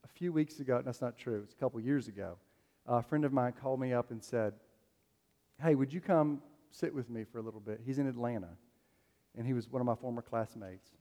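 A man's voice: medium pitch, a little fast, mellow. A man preaching a sermon as a pastor, telling stories in a loose, conversational way with plenty of fillers. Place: church sanctuary. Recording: long hall reverb.

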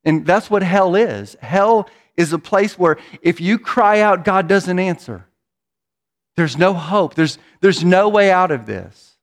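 A man's voice: high voice, animated, takes it slowly. A man preaching a sermon in a church, in an earnest manner, often repeating words as he builds toward a point. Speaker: pastor.

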